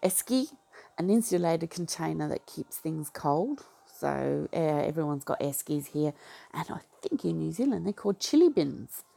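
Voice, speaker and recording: A woman from Western Australia with an Australian accent, casually reading through a slang list and adding low-key asides and comments. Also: very animated, moderate pace, creaky. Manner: low-key, drops into soft asides, laughs at her own remarks. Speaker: vlogger.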